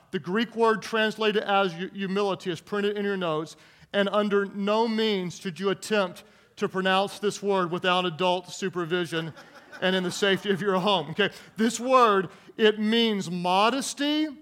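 A man preaching a sermon who jokes with the congregation, calls for their responses and slows down to stress key words. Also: high voice, fairly bright tone. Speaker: pastor.

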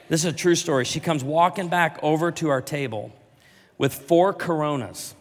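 Animated pastor with hall echo. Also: male voice, moderate pace, a little hiss or hum. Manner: animated, jokey, big swings in volume and pitch. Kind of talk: storytelling sermon. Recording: large hall reverb.

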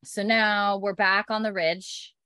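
A woman's voice: mid-range voice, level tone, takes it slowly, bright, forceful tone, clear, resonant tone, dry recording. A woman in casual chat, animatedly retelling scenes from a show and acting out the characters' lines, with plenty of fillers. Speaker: podcast co-host recapping a TV episode.

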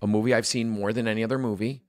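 Blunt, opinionated man with a low voice. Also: fairly even intonation, racing. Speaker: podcast co-host. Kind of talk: casual chat.

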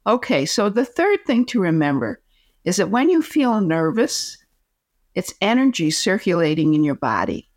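A woman, a communication coach, giving advice as a podcast guest in an expressive, demonstrative way. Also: lowish voice, moderate pace, no room sound, studio quality. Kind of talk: podcast interview.

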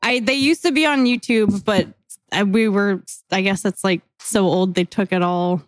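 A woman's voice: mid-range voice, moderate pace, no echo. A woman in her twenties co-hosting a casual podcast, rambling with lots of fillers and frequent laughter. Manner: giggly, rambling with many fillers. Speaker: podcast co-host. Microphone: podcast mic.

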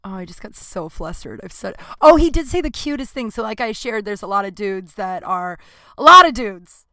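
A woman's voice: medium pitch, very animated, moderate pace, bright, forceful tone, no echo. Flustered, rambling woman in her late thirties. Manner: rambling, flustered, swears freely. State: nervous. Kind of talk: casual confessional monologue.

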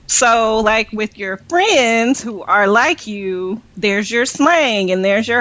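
A woman's voice: medium pitch, animated, slow, hardly any pauses, fairly bright tone, no room sound. A woman speaking as a guest in a casual conversation, explaining her view earnestly and laughing easily.

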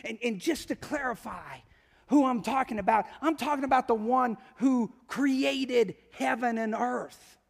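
High-voiced male preacher in a reverberant church. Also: unhurried, vocal fry. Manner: conversational preaching, asking the congregation questions. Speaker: pastor. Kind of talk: sermon. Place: church sanctuary.

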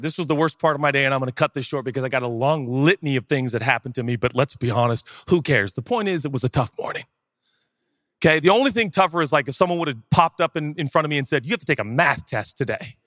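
A man preaching with a high, bouncy voice that swings through a wide range. He keeps the tone bright and jokey and breaks into sudden shouts. The sound is close and dry. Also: no room sound. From Seattle area, USA. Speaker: pastor. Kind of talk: humorous sermon storytelling. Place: church stage before a live audience.

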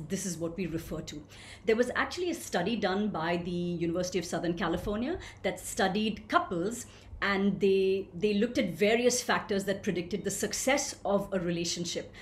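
A woman leading a voice workshop for coaches, lively and questioning, answering participants by name. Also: medium pitch, roomy sound, a little hiss or hum. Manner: animated, asks the group questions and answers them. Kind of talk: live online workshop teaching.

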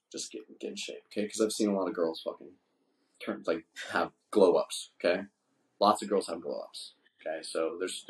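A man's voice: sits low, a little mellow. A man in his fifties hosting a podcast, telling a long, crude, boastful story in casual chat. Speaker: podcast host.

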